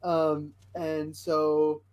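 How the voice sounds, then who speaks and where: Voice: mid-range voice, monotone, drawn-out words, darkish tone. A podcast co-host rambling through a fan theory in casual chat, full of restarts. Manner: rambling, many restarts and fillers.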